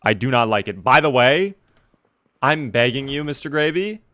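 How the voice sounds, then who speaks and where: A man's voice: mid-range voice, animated, normal speed, fairly bright tone. A man streaming a video game, chatting casually with his viewers and joking in a mock-formal way while talking around a sore in his mouth. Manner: chats with viewers by name. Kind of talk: casual gameplay commentary to live chat.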